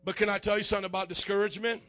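A man preaching a lively sermon as pastor, acting out scenes with animated voices. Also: rapid-fire. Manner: animated preaching, acts out fans in high excited voices.

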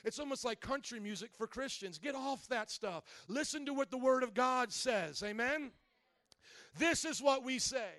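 A married man preaching a sermon, animated, swinging from quiet reasoning to loud shouting and playful mock voices. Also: extremely high pitch, normal speed, no echo. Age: adult, married. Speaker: pastor.

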